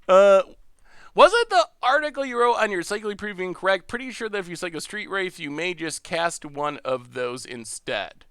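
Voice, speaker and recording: A male streamer talks through an online card game in a high, lively voice that swoops up and down. He thinks aloud, restarts his sentences and laughs often. His sound is dry and close. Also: clear, resonant tone, no room sound. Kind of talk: live gameplay commentary.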